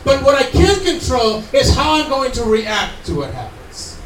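A man's voice: very high-pitched, huge pitch swings, moderate pace, fairly bright tone, slight background noise. A man preaching a sermon in an earnest, conversational way with asides to the congregation. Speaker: pastor. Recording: echoey room, mic from far off.

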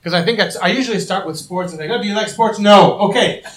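Animated, bright-voiced pastor preaching. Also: male voice, high-pitched, very fast, echoey room, distant mic, poor audio. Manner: animated storytelling, acting out quoted voices. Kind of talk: sermon. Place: church.

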